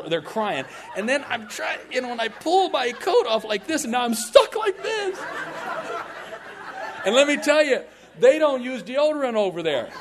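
A man in his forties, preaching a sermon and telling stories animatedly. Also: very high voice. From United States. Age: 40s. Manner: animated, laughing through anecdotes. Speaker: pastor. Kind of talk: storytelling sermon.

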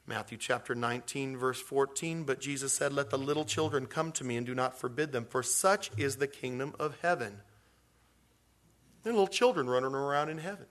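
A man preaching a sermon as pastor, talking conversationally with jokey asides and acting out little quotes. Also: fairly quick. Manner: animated, acts out quotes with big pitch swings.

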